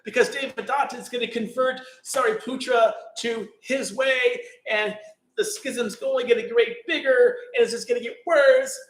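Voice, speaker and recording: A man voicing an anxious monk who is weeping, in a high, pleading voice in an echoey room. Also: fairly even intonation, normal speed. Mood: distraught.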